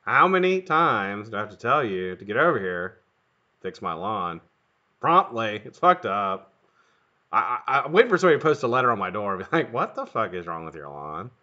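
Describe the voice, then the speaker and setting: A middle-aged streamer talks briskly, his bright, forceful voice making big pitch swings as he greets viewers and rambles in a profane, jokey way. The sound is dull and lo-fi.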